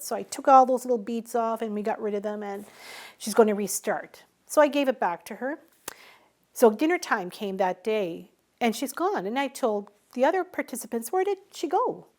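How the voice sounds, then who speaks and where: A middle-aged woman speaking in a fairly high voice. She tells stories at an easy, unhurried pace and slips into the voices of the people she quotes as she recounts conversations with workshop participants. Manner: warm, unhurried storytelling, acting out quoted dialogue. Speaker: Mi'kmaw craft teacher and guest speaker. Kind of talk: storytelling in a recorded conversation.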